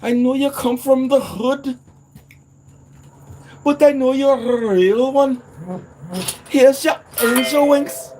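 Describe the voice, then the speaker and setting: A man voicing a kindly woman angel at heaven's gates in a sweet, high falsetto. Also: steady tone, slow pace, long pauses, darkish tone, a little hiss or hum.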